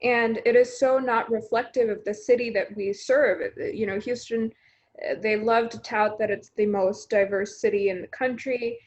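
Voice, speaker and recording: A woman's voice: fairly high pitch, fairly even intonation, moderate pace. A woman hosting a video call panel as a news editor, talking in a conversational way with many fillers. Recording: slightly dull video call audio.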